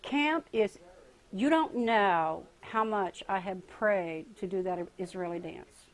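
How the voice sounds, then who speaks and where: A woman's voice: medium pitch, takes it slowly, rough recording. An older woman telling her life story in a casual interview, laughing often and acting out the voices of people she quotes. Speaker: interviewee, retreat participant.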